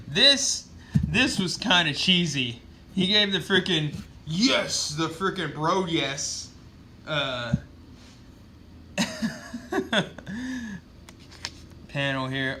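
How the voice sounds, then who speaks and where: Rambling bright-voiced male comic reviewer. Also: a little high, animated, drawn-out words, pauses often, a little hiss or hum. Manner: rambling, swears, many fillers. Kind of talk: casual comic recap.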